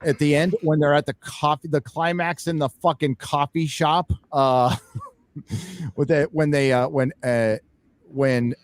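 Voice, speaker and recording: A man guesting on a casual panel chat, rambling and halting, often swearing. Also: a little high, fairly even intonation, no echo.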